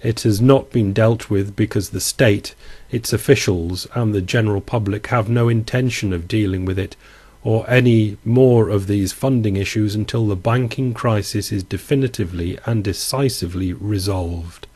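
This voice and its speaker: A man's voice: lowish voice, moderate pace, a little mellow, breathy edge, dry recording. A man giving casual, wry commentary on economic charts, with sardonic asides.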